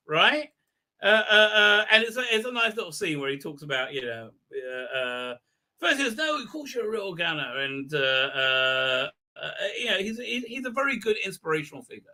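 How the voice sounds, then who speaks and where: A man's voice: high-pitched, sing-song, moderate pace, pushed and bright. A man hosting a live stream, recapping an episode in a rambling, stammering rant with mock voices for the characters. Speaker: show host.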